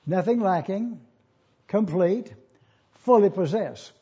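A pastor teaching a Bible lesson, spelling out words letter by letter and repeating key phrases slowly. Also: male voice, high-pitched, dark tone, breathy edge. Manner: slow, deliberate, spells out Greek words letter by letter. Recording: dull lo-fi sermon recording.

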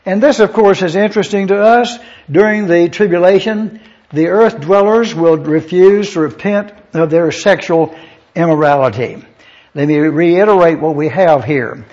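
A man's voice: high-pitched, darkish tone. A man preaching a Bible-study sermon, going through words one by one and spelling out Greek terms letter by letter. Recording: dull lo-fi sound.

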